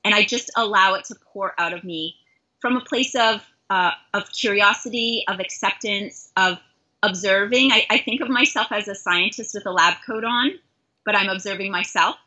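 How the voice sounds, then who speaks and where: A woman's voice: medium pitch, normal speed, bright, forceful tone. A middle-aged woman from Canada, a life coach, speaking in an earnest, heartfelt and self-reflective way in an interview conversation. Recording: dull lo-fi recording.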